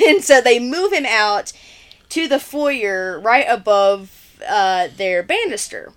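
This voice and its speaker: Podcast co-host, woman, lively sing-song delivery, highish voice, acts out the lines as she retells the story. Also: slow pace. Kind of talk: casual movie recap chat.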